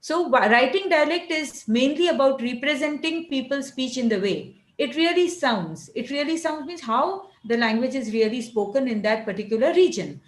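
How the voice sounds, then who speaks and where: A woman's voice: high-pitched, animated. Indian English woman lecturing, echoey room. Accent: Indian English, Maharashtra. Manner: explanatory, repeats and restarts phrases, demonstrates accents slowly. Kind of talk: online lecture.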